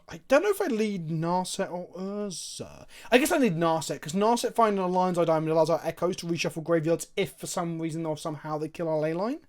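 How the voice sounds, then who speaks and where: Excitable, swearing man streaming. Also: a little high, fairly quick, few pauses. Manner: excitable, profane, thinking aloud. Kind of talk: live-stream card game commentary.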